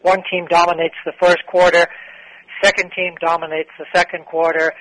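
A man on a sports talk show, giving a measured and reflective take with frequent fillers. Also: on the high side, little pitch movement, a bit bright, no echo, poor audio.

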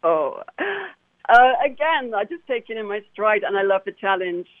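A woman's voice: medium pitch, expressive, normal speed. A woman who acts, talking about her work in a casual interview, enthusiastic and full of fillers and restarts. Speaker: actor guest. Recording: phone line.

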